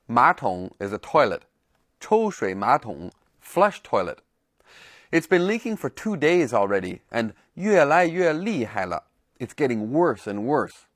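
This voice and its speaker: A man with a medium-pitched voice, recorded dry with clean studio sound, teaches a language lesson. In scripted narration, he explains words and repeats example phrases.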